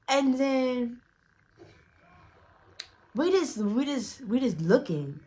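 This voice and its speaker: A woman's voice: sits high, expressive, slow pace, long pauses. A young woman telling a casual storytime, rambling in slang with many restarts and acted-out quotes. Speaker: storyteller vlogger.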